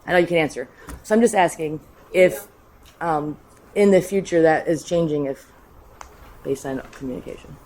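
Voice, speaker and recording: Woman, lowish voice, tentative public-comment question. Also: a little mellow, a little hiss or hum, low-quality recording. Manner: polite, halting questions. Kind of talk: public comment at a board meeting.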